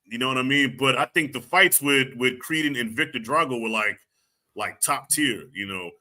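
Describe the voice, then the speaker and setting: A middle-aged man in casual chat, telling stories with energy and acting out quotes loudly. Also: medium pitch, moderate pace. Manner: animated storyteller, acts out quotes loudly.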